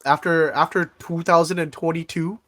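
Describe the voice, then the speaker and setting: A man's voice: fairly high pitch, fairly even intonation, normal speed, a bit bright. A young man hosting a casual podcast, a bit congested and with his voice still coming back, rambling with lots of fillers and restarts. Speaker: podcast host.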